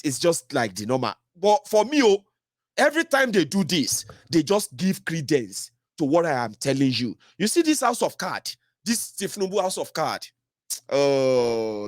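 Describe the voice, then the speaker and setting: A middle-aged Nigerian man talks politics in a fiery, mocking way, slipping into pidgin as he goes. His voice sits fairly high for a man. The recording is dry and close, with no room sound. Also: very animated, normal speed, no echo. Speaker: political commentator. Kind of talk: solo political commentary.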